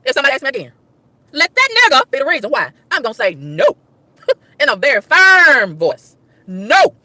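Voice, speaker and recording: A woman ranting to her livestream chat, emphatic and exasperated, with loud whoops. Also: high voice, sing-song, brisk, dry recording. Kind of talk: casual livestream rant.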